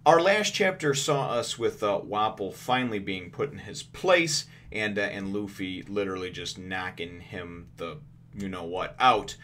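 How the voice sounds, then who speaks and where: A man's voice: fairly low pitch, animated, a little slow, a bit bright, soft background music. A man hosting a casual comic review, rambling with lots of fillers and restarts and laughing often. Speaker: host.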